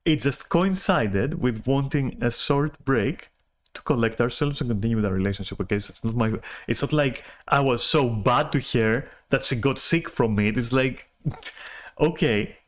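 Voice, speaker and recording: Man, mid-pitched voice, exasperated rant, swears a lot, stumbling restarts, casual monologue. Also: moderate pace. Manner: agitated, profane, exasperated rant with many restarts. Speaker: podcaster venting.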